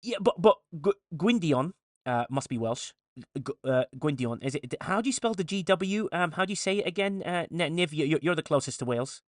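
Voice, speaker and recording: A man's voice: a little high, lively intonation, a little fast, no echo. A man hosting a casual live stream, reading viewer chat comments aloud and answering them with frequent restarts.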